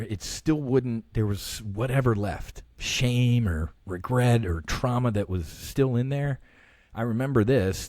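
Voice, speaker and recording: A man in his fifties, guesting on a podcast, tells a personal story earnestly and haltingly, frequently restarting his sentences. His voice is medium-pitched with a dark tone, captured in a dry, clean studio recording.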